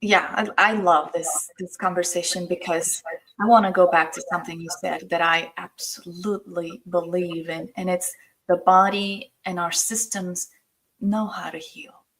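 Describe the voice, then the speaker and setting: A woman's voice: on the low side, fairly even intonation, moderate pace, fairly bright tone, rough recording. A woman hosting a podcast interview, speaking in an affirming, reflective way. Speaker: podcast host. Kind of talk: conversational interview.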